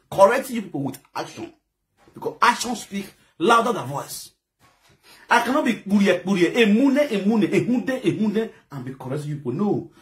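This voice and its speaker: Angry Nigerian man ranting, high voice. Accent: Nigerian, Edo. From Edo State, Nigeria. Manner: heated, scolding, mixes pidgin with local language, bursts into shouting. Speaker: social media commentator. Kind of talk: angry online rant.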